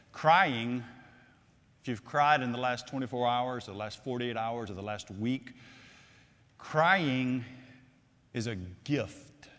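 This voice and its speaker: Guy preaching in a big echoey church, goes loud then real quiet, voice jumps all over. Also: medium pitch. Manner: dramatic swings from loud to hushed, repeating phrases. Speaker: pastor. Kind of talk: sermon. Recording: long hall reverb.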